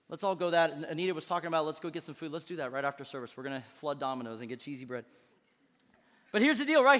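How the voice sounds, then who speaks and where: Preaching energetically and conversationally, a pastor throws playful asides to his congregation. His voice is notably high for a man, and the church auditorium leaves a long reverb behind it in this lively, casual sermon.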